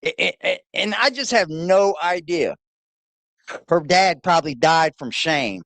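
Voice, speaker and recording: A streamer mocks and swears at a clip in loose, casual commentary. The pitch swings widely from line to line, and the voice sits dry and close, with no room sound. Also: lively intonation, measured pace, fairly bright tone, dry recording. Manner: mocking, profane, talks back at the clip. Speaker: reaction streamer host. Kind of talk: casual live reaction commentary.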